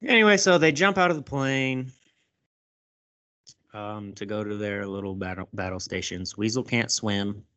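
A man casually recapping a movie, animated and profane, acting out lines as he goes. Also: on the low side, moderate pace. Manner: animated, swears a lot, acts out lines. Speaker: podcast host recapping a movie. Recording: dull lo-fi sound.

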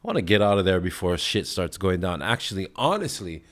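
Man, very low voice, podcast host, casual rambling chat, lots of swearing. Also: sing-song, fairly quick, fairly bright tone. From Hawaii. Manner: rambling, heavy swearing, laid-back storytelling.

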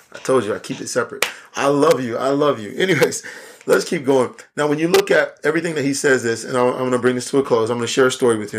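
Animated, chatty young male preacher. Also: medium pitch. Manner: conversational, animated, self-interrupting with asides. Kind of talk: casual sermon.

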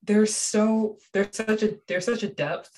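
A young woman chatting casually about a TV show, animated and gushing, with many fillers. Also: medium pitch, measured pace. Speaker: show reviewer. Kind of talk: casual chat.

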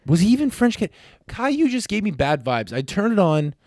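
A man co-hosting a casual podcast, bantering with lots of swearing and excitable outbursts. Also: sits high, fairly quick, no echo, studio quality. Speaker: podcast co-host. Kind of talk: casual chat.

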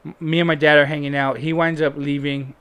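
Male guest storyteller, blunt, profane, casual, a bit high-voiced. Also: flat delivery, brisk, fairly bright tone, clean tone. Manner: candid, heavy swearing, frequent "like" fillers.

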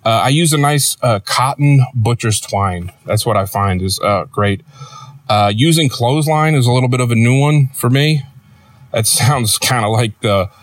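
A man hosting a comedic podcast in a rambling, deadpan, sardonic monologue, recorded near a road. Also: medium pitch, moderate pace, dry recording. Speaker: podcast host. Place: outdoors near a road with passing trucks.

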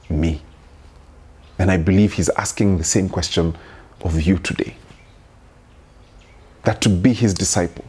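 A man's voice: deep voice, dark tone, slightly rough. A man preaching a sermon in an earnest tone, building through repeated rhetorical questions. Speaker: pastor.

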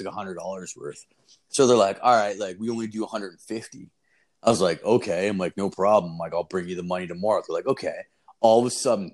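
A man casually telling a long story, rambling and swearing, often laughing as he goes. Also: lowish voice. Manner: rambling, profane, laughing as he tells it.

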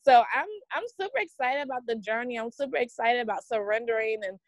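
A Southern US woman in her forties, a business coach guesting on a podcast, talks fast in a slightly high voice. The recording is dry and rough. In this conversational interview she's upbeat and motivational, calling people "honey."

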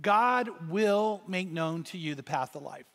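A man preaching a sermon as pastor, telling stories with animated, rising exclamations. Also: sits high, measured pace. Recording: reverberant hall sound.

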